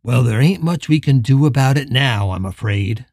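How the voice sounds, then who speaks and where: A man voicing a calm, menacing frontier posse leader who speaks quiet, slow and commanding. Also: mid-range voice, no echo, clean studio sound, pitched below the performer's own voice. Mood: steady.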